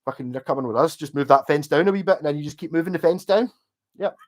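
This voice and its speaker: Scottish male streamer, fairly high-pitched, casual sweary ramble. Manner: sweary, rambling, quick to laugh. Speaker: livestreamer. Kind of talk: casual rambling livestream chat.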